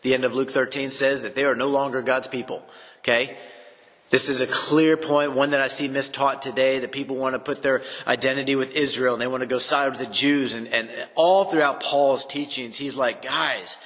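An earnest man teaching through a Bible chapter in his own unscripted words, pressing his points by repeating them. His voice is bright and forward. It carries a long reverb, as if he speaks in a large room. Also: medium pitch, fairly even intonation, normal speed.

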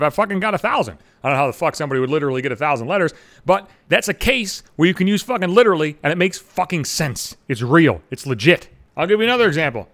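A man's voice: on the high side, a bit bright. A man hosting his own podcast, delivering an exasperated comedic rant full of swearing and slightly slurred words. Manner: swears constantly, exasperated ranting. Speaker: podcast host.

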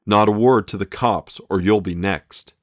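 A man voicing a calm, menacing 1930s gangster who speaks coldly and evenly. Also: lowish voice, unhurried, dry recording, clean studio sound, natural voice. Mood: coldly threatening. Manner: cold and even.

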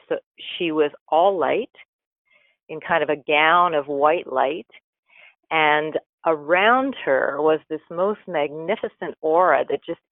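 Gravelly man on a tinny phone line. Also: fairly high pitch, no room sound. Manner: earnest, reflective, lingering over words. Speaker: guest. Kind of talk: personal storytelling in an interview. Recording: phone-like line with faint music.

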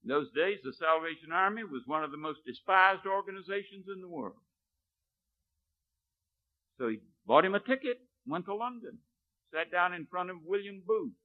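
A male preacher delivers a storytelling sermon with a lively, rising-and-falling pitch, often sinking to a hushed, low delivery. The sound is narrow and tinny, like a phone line. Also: moderate pace.

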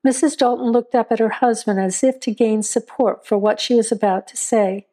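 A woman narrating a dark audio drama in a measured, atmospheric storytelling manner. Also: mid-range voice, steady tone. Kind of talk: scripted narration.

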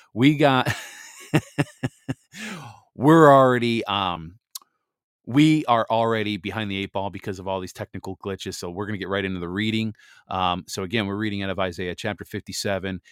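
An American man co-hosting a faith podcast, chatting casually and laughing at himself, then reading scripture aloud in a steady, measured way. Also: lowish voice, no echo, studio quality. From United States. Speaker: podcast co-host.

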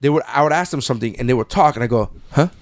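A man's voice: mid-range voice, very fast, no room sound. A man co-hosting a podcast, telling a story in casual chat, swearing often and acting out the people he quotes. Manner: swears freely, animated retelling with quoted voices. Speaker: podcast co-host.

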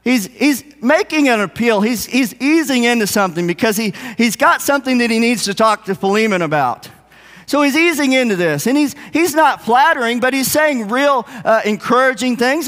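High-voiced man preaching in a reverberant hall. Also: expressive, normal speed, a bit bright. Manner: earnest, conversational preaching. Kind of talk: sermon.

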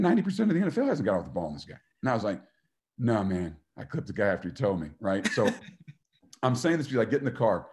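A man's voice: deep voice, a little mellow. A middle-aged man, a former football player and coach, giving a motivational talk and telling stories, acting out the voices he quotes and laughing often.

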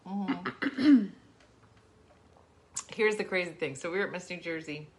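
A middle-aged woman hosting a casual livestream chat, animated and talkative, thanking viewers between stories. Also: on the low side, slow. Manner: animated and chatty, thanking viewers mid-sentence. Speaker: livestream host.

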